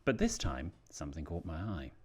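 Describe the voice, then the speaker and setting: Casting note: British male podcast co-host with a lowish, animated voice, reading letters. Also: moderate pace, slightly rough. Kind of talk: casual chat and reading letters aloud.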